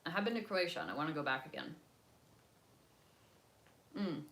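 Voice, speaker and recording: This young US woman has a deep, very animated voice with a touch of brightness, speaking at normal speed. She chats casually with her live audience, rambling with plenty of fillers and shifting between topics and languages.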